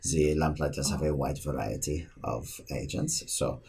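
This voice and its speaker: A courteous, formal church agent, as a man puts him on, speaking in measured, old-fashioned phrases. The voice sits very low and husky, with a deep chest tone in a tabletop role-play. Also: darkish tone, exaggerated voice.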